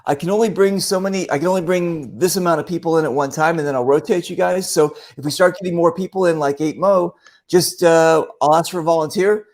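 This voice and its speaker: A man hosts a casual online show, rambling through stories with lots of fillers and acting out other people's voices. His voice is on the high side, with a darkish tone and a slightly fast delivery.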